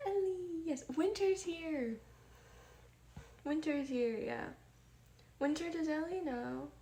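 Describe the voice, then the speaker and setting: A young woman from the American Midwest, streaming live and chatting softly with her viewers, greeting them by name and reading their messages aloud. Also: high-pitched, slow pace. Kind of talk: casual chat with chat readers.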